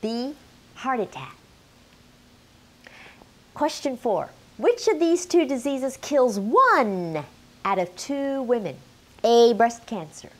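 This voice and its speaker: A woman's voice: a little high, sing-song, slow pace, long pauses. A middle-aged woman teaching a health lesson straight to camera, emphatic and quizzing the viewer. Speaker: menopause health educator.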